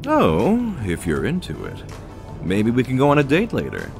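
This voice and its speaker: A man's voice: mid-range voice, huge pitch swings, normal speed, over music. Sunder, a cocky flirtatious sword-man. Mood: flirty. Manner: smooth, teasing, self-admiring. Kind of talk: video game voice acting.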